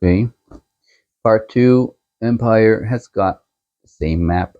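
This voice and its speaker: A man hosting a book channel, chatting casually as he shows a book set and reviews a novel, unhurried and chuckling as he thinks aloud. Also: fairly low pitch, dark tone, dull audio.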